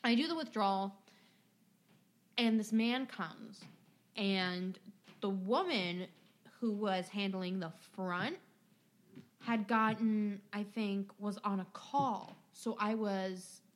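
Animated woman telling stories. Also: medium pitch, takes it slowly, long pauses. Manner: animated, heavy use of "like". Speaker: podcast co-host and bank teller. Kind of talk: casual storytelling.

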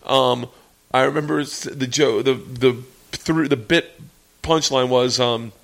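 A middle-aged man, a comedian, telling a story in casual chat, animated and swearing, laughing as he acts out voices. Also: medium pitch, measured pace. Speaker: stand-up comedian, podcast guest.

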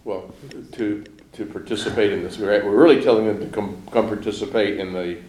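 A man with a fairly low voice asks the teacher a thoughtful question. His words echo around the classroom, so he sounds roomy and a bit distant. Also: steady tone, brisk, darkish tone. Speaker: class participant.

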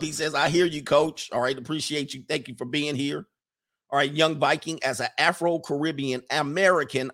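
A man hosting a casual livestream, reading viewer messages aloud and answering in an animated, joking way. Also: mid-range voice. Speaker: livestream host reading super chats.

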